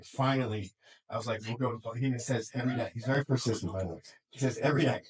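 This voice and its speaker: A middle-aged man, a school counselor, talking casually to a room of students and parents, acting out quick quoted voices and often laughing. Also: mid-range voice, fairly even intonation, breathy edge, low-quality recording. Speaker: school counselor and life coach. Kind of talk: casual talk to a group.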